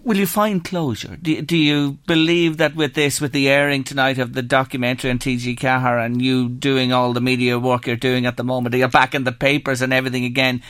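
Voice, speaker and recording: An Irish man hosting a radio phone-in, speaking gently as he reads listener messages and asks his guest questions. His voice is mid-pitched, and the studio sound is close and dry. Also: level tone, brisk, few pauses, clear, resonant tone, no echo. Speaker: radio show host.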